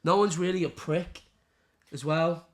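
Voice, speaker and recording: A man's voice: fairly high pitch, measured pace. A young man, a comedian guest on a podcast, rambling and self-mocking with lots of fillers. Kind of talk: casual podcast chat.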